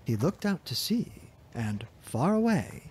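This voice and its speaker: A man narrating a fairy tale in a soft, gentle, expressive reading voice. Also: fairly high pitch, a little slow, a little hiss or hum. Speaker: storyteller.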